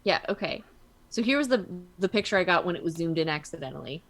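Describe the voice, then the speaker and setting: A woman streaming a card game, chatting casually and telling stories in an animated way. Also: fairly low pitch, fast. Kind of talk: casual chat while gaming.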